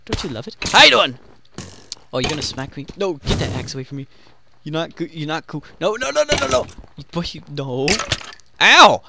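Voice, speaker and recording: A man giving excitable gameplay commentary, yelping and trash-talking the other players. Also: on the high side, fairly quick, gravelly, very noisy. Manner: excitable, yelps and trash-talks opponents. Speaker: gaming channel host.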